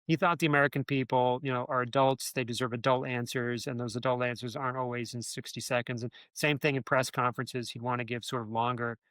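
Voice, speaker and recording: A man's voice: mid-range voice, flat delivery, fast talker, few pauses, fairly bright tone, smooth, dry recording. A man, a former speechwriter, telling stories in an interview, rambling with many restarts and filler words. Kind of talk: conversational interview storytelling.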